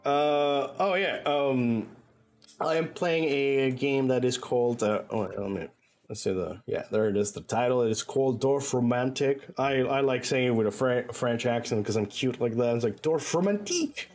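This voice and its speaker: A man's voice: medium pitch, moderate pace, darkish tone. A man streaming a game and chatting loosely with viewers, swearing freely and rambling through frequent restarts and fillers. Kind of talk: casual stream chat. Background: faint music.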